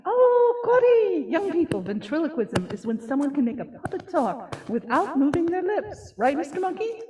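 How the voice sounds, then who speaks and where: A woman's voice: high voice, big pitch swings, moderate pace, a little mellow, roomy sound, recorded from a distance, slight background noise. A woman leading a children's time at church, cheerful and patient as she talks with a puppet and explains things to children. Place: church sanctuary.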